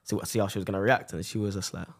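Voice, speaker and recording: A man's voice: lowish voice, fairly even intonation, very fast, gravelly, husky. A man in his twenties from Essex, a podcast guest in a studio, chatting casually in a laid-back, slangy way and laughing easily. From Essex, England. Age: 20s. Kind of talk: casual chat.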